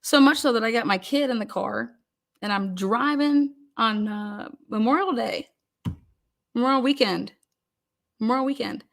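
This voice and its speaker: A woman's voice: on the high side, moderate pace, creaky, long pauses. A woman hosting a live stream panel, telling an indignant, profane story and breaking into laughter. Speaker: livestream panel host.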